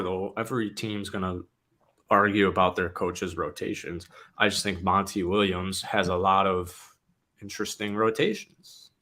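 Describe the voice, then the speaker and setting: A man's voice: on the low side, fairly bright tone. A man co-hosting a basketball talk show, casual and laid-back, often stumbling and restarting his sentences.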